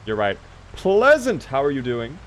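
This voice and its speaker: A talkative man hosting a live game stream, chatting to his viewers in a loose, casual way. His voice sits in an ordinary middle pitch, relaxed and unpolished, with the odd curse word. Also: moderate pace, a little hiss or hum. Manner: chatty, reads and answers chat, swears casually. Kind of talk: casual live-stream chat while gaming.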